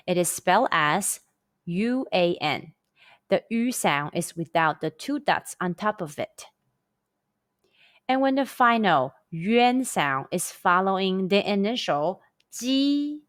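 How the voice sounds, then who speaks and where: A woman teaching a scripted pronunciation lesson, speaking slowly and carefully with over-enunciated drills. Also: mid-range voice, no room sound, clean studio sound. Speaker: language teacher.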